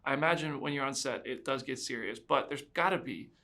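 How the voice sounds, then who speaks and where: A man hosting a podcast interview, eager and upbeat, quick to pay compliments. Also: medium pitch, pushed and bright. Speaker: podcast host. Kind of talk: casual interview.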